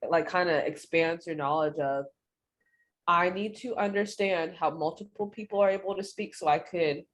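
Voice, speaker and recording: A young adult woman co-hosting a podcast in casual chat, speaking earnestly and reflectively with quick quoted asides. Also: lowish voice. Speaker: podcast co-host.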